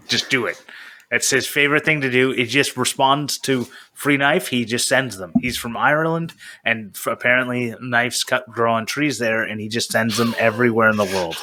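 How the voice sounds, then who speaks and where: A man's voice: medium pitch, normal speed, sharp tone, slight background noise. A man co-hosting a casual podcast, joking and rambling, often restarting his sentences. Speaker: podcast co-host.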